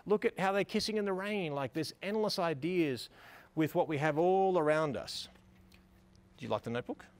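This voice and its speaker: A man with a slightly higher voice than most men leads a photo shoot outdoors beside a building. He is middle-aged and coaxes his models with constant praise. His tone stays upbeat and encouraging as he explains each step. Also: expressive, normal speed, a little mellow. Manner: upbeat, coaxing, lots of praise. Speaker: photography instructor. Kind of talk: on-location teaching, directing models.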